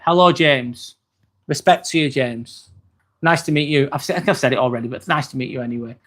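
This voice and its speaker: A man's voice: a little high, a little fast. Chatty English man on a live stream. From England. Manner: chatty and relaxed, with frequent ums and casual swearing. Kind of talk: casual live-stream chat, reading viewer comments. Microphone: phone.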